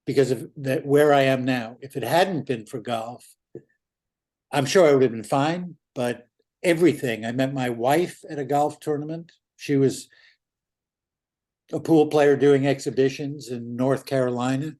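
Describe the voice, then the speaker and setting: A man's voice: medium pitch, unhurried, darkish tone. A man in his seventies from New York, a guest chatting casually in an interview and talking bluntly, with some swearing. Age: 70s.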